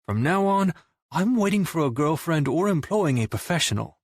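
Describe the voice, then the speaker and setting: A cocky young drummer, as a male narrator puts him on, breezy and wisecracking, lifted well above the narrator's own register. The voice keeps a husky edge. The recording is dry. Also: a little high, very animated, normal speed, no room sound, pitched above the performer's own voice. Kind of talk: audiobook character voice.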